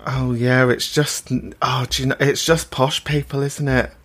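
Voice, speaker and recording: A woman's voice: very deep voice, a little slow. A woman hosting a podcast, ranting with outrage and plenty of swearing in a casual chat. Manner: animated, sweary, outraged rant. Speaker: podcast host.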